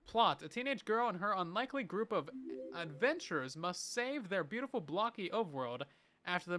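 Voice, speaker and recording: A young man livestreaming, chatting casually and playfully while reading viewer messages. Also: sits high. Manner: playful, animated, chatty with frequent laughs.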